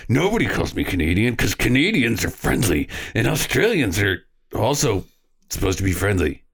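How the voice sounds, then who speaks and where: Man playing a prickly, gruff action-hero cop, deep and offended, a little distant from the mic. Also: big pitch swings, normal speed, a bit bright, heavily acted. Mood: indignant. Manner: indignant, gruff. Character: touchy tough-guy male cop, low and gruff.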